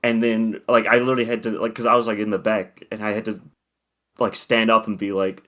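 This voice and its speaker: A man's voice: on the low side, level tone, brisk, fairly bright tone. A young man co-hosting a podcast, telling a long story in a rambling, profane, casual way. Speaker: podcast co-host.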